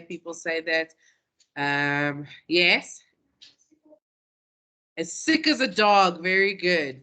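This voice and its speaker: Bright, playful woman teacher. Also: fairly low pitch. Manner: playful, acts out quotes in dramatic voices. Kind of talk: classroom lesson.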